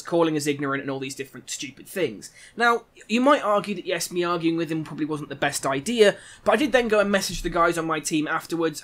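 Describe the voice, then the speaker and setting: Indignant Irish gaming commentator. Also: male voice, on the high side, fairly bright tone. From Ireland. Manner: indignant, ranting. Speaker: gaming YouTuber. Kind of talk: commentary over gameplay footage.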